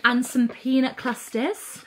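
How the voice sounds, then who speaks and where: A woman's voice: high-pitched, steady tone, takes it slowly, fairly bright tone, slight background noise. A bubbly woman vlogging casually from a cabin, chatting to the camera and cooing at her dog. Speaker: lifestyle vlogger. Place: cabin in the woods.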